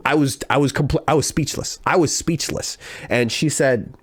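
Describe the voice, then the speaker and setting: A young man from California, hosting a podcast and telling a personal story in a casual, animated way, repeating phrases for emphasis. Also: medium pitch, moderate pace, husky, dry recording. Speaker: podcast host.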